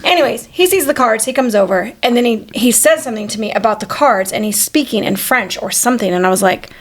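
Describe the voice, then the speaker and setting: A woman in her forties co-hosting a podcast, telling a story in a casual, animated and profane way. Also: a little high, quick pace, slight background noise. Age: 40s. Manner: animated, profane, acts out quoted voices. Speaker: podcast co-host.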